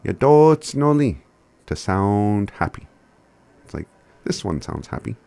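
A man giving a casual language lesson, laid-back and chuckling often as he spells words out slowly. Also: fairly low pitch, vocal fry, darkish tone, no room sound. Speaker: language teacher.

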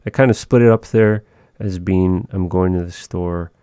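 Man, low dark voice, unhurried language teacher, dry close sound. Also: clear, resonant tone, no echo. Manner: slow, measured, pausing often. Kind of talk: language lesson, thinking aloud.

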